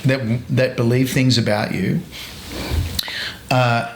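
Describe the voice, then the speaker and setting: A man chatting as a guest, telling stories in a frank and relaxed way. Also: mid-range voice, slow pace, a little hiss or hum. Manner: relaxed storytelling, frank and earthy. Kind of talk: casual conversation. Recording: roomy echo.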